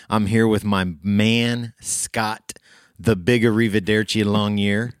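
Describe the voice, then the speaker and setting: A man hosting a podcast in a casual, upbeat chat, playful and quick to laugh. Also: on the low side, steady tone, smooth, no room sound, clean studio sound. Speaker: podcast host.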